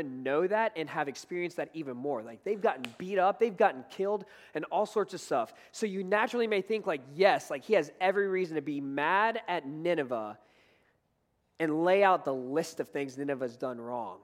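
A man's voice: a little high, in a large hall. A man preaching a sermon in an earnest, conversational way, building to emphatic points.

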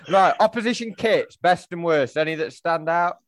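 A man's voice: a little high, normal speed, no echo. A man hosting a casual football podcast, leading the topics with a dry humor. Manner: leads topics, dry, lively delivery. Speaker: podcast host.

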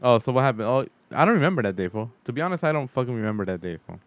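A man's voice: mid-range voice, big pitch swings, rapid-fire, dry recording. A man co-hosting a podcast, chatting crudely with his friend, full of slang and swearing. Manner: profane slangy banter, calls friend fool and dog. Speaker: podcast co-host. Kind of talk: crude casual chat.

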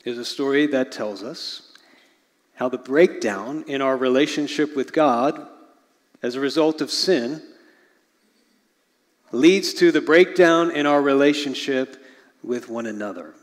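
A middle-aged man preaching a sermon as pastor, earnest, often sinking to a hushed low voice at the ends of phrases. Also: unhurried, pauses often. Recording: long reverb of a large hall.

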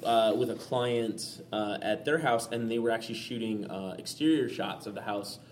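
A man's voice: on the low side, normal speed, a little hiss or hum. Rambling, laughing male podcast host. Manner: rambling storyteller, full of fillers, laughs often. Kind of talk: casual podcast chat.

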